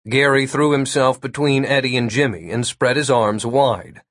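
A man reading an audiobook as narrator, with a steady storytelling delivery. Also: medium pitch, moderate pace, hardly any pauses, dry recording, studio quality. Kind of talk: scripted narration.

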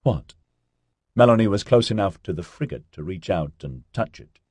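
A man narrating an audiobook in an expressive storytelling manner. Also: deep voice, a little fast, breathy edge, no echo.

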